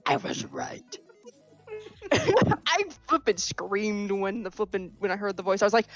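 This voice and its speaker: A woman guest chatting casually on a podcast, telling stories in an animated, giggly way. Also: medium pitch, measured pace, no room sound, muffled recording, soft background music. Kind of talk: casual chat.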